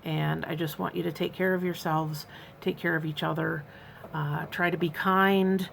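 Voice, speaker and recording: A woman's voice: low-pitched, steady tone, moderate pace, creaky, slight background noise. A woman in her fifties talking candidly in a personal vlog, earnest and rambling, with many fillers and restarts. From United States. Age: 50s. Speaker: vlogger.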